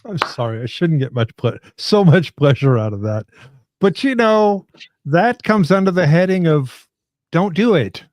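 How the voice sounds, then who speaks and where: A man co-hosting a casual political chat podcast, emphatic and quick to laugh. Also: fairly high pitch, lively intonation, a little mellow. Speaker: podcast co-host.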